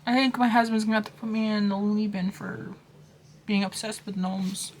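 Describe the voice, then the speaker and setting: A woman's voice: mid-range voice, steady tone, brisk, slight background noise. A woman craft vlogger chatting casually about her haul, gushing and rambling with lots of fillers and restarts.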